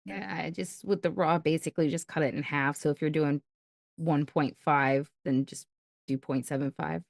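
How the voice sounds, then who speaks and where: Low-voiced woman in a dry, close recording. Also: steady tone, normal speed, vocal fry, dry recording. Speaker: panelist. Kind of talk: casual panel chat.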